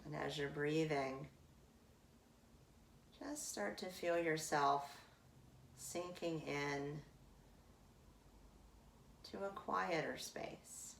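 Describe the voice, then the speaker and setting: Low, gravelly-voiced woman guiding meditation. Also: a little hiss or hum. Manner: slow, calm, drawn-out phrases with long pauses. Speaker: meditation teacher. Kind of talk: guided breathing meditation. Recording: roomy echo from a distant mic.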